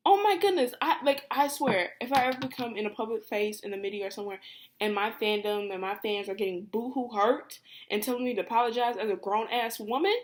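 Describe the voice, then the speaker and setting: A young woman vlogger ranting casually to camera, animated and exasperated, with lots of fillers and free swearing. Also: a little high, fairly quick.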